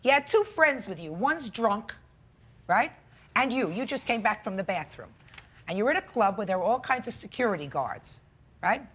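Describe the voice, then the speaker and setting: A woman's voice: on the high side, big pitch swings, moderate pace, a bit bright, husky. A woman presiding as a TV courtroom judge, stern and scolding, cutting the litigants off. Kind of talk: courtroom arbitration. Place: courtroom studio.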